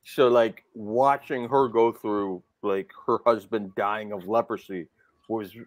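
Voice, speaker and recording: Male host, slow and bright, dry close sound, joking and self-mocking. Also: lowish voice, steady tone, no echo. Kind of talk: casual chat.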